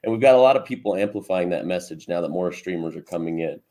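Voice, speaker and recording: A man hosting a live stream in an upbeat, chatty way, often speaking straight to the viewers. His voice sits a little low. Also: animated, quick pace, warm tone. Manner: upbeat, addresses viewers as guys. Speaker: crypto stream host. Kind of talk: casual chat.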